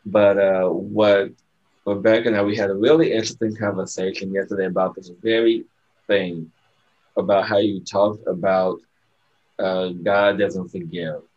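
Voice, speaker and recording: A man hosting an interview who speaks haltingly and sounds moved. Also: deep voice, flat delivery, darkish tone. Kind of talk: casual interview talk. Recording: dull lo-fi audio.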